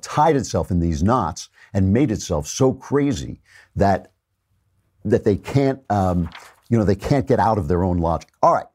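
A man's voice: on the low side, mellow, husky. A man hosting a political talk show, giving sarcastic, mocking commentary.

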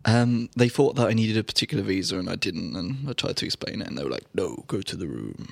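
A man's voice: on the low side, sing-song, fast talker, gravelly, slightly rough, dry recording. A British man, a guest tech reporter, telling dry, joking stories in casual podcast chat. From England.

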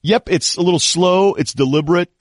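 A man's voice: sits high, fairly quick, no room sound, studio quality. A man hosting a casual sports podcast, telling stories and acting out the people he quotes. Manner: animated storyteller, acts out quoted people. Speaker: podcast host.

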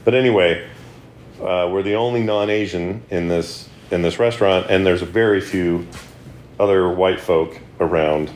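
Deep-voiced man hosting a chatty podcast. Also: moderate pace, a little hiss or hum. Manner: relaxed, chatty, jokey. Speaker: podcast host. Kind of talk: casual chat and reading listener emails.

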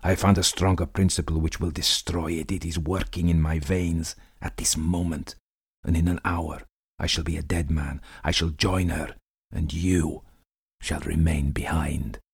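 A man's voice: very deep voice, little pitch movement, moderate pace, gravelly, breathy edge, no echo, clean studio sound, heavily acted. A man voicing a frenzied, exultant ancient priest with a wild, shrieking manner in a storybook reading. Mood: manic.

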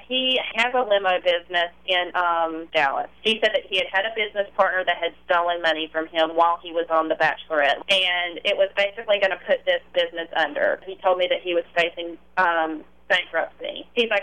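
A woman tells her story in an animated way, leaning on "like" and "anyhow." Her voice is bright and crisp. It comes through dull, muffled phone audio. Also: fairly low pitch, fairly quick. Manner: animated storytelling, acts out quoted dialogue, frequent "like" and "anyhow". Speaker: interview guest. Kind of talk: recounting a past relationship in an interview.

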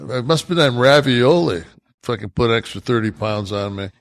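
A man in his sixties co-hosting a podcast, talking casually in a rambling, profane way, full of halting restarts. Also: medium pitch, animated, dry recording, clean studio sound. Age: 60s. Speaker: podcast co-host. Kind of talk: casual chat.

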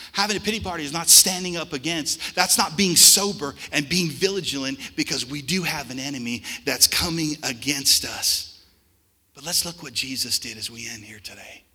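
A man preaching a sermon as pastor, swinging between hushed, reflective passages and loud, forceful outbursts. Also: a little high, husky, in a large hall. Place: church sanctuary.

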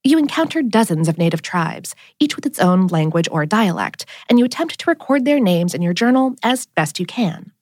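A woman hosting an explainer podcast, reading a script with a wry, lively delivery. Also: mid-range voice, moderate pace, hardly any pauses, dry recording, studio quality. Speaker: podcast host.

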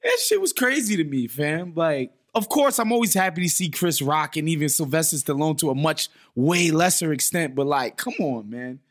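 Slangy guy, animated, kinda high voice, casual podcast talk. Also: normal speed, hardly any pauses. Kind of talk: casual chat.

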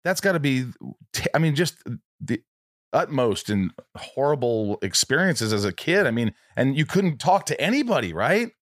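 A man's voice: medium pitch, sing-song, normal speed, no room sound. Blunt male podcast host with dry sound. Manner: blunt, swears casually. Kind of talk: casual interview.

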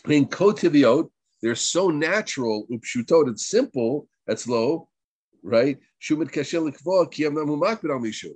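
A man's voice: a little high, expressive, normal speed, darkish tone, slightly rough, no room sound. A middle-aged man with a New Jersey accent giving a conversational religious class. He mixes Hebrew terms into his English and keeps checking in with "right?". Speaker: Torah teacher.

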